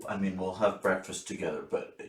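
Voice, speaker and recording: A man's voice: deep voice, a little hiss or hum, natural voice. A man putting on a drawling older nobleman. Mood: drawling genial. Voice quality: long drawn-out vowels. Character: pompous older male nobleman, slow and drawling. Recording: roomy, distant mic.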